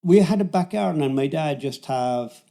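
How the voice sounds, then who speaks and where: An older Irish man from Cork talks in a rambling, friendly way, often restarting his sentences. His voice is mellow and rather high for a man. He sounds like a guest chatting on a podcast. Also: animated, normal speed, vocal fry. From Ireland. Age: 70s. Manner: rambling, self-interrupting, friendly. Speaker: podcast guest, fitness coach. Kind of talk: casual interview storytelling.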